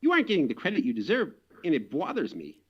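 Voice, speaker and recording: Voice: wildly swooping pitch, fast talker, breathy edge. A performer playing an emphatic, indignant doctor who praises a colleague, in an amateur drama clip. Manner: emphatic, swings pitch widely. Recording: dull lo-fi clip audio.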